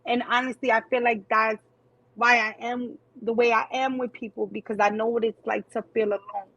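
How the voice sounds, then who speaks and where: High, husky New woman, lively. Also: normal speed, dry recording, dull audio. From New York City. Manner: animated, slangy, repeats phrases. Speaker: guest. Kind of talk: casual interview chat. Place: home, livestream.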